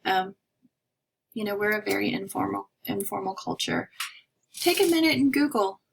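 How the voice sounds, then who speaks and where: A woman's voice: mid-range voice, lively intonation, normal speed, gravelly, slightly rough, rough recording. A woman instructor from North America giving a recorded lecture in a chatty, discursive way with many fillers. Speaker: college instructor.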